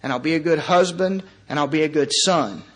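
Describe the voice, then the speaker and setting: A man in his thirties sharing his recovery story before a group, earnest and halting, with long pauses and wry, self-mocking humor. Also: a little high, fairly bright tone. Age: 30s. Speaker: recovery meeting speaker. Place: meeting room before a live audience.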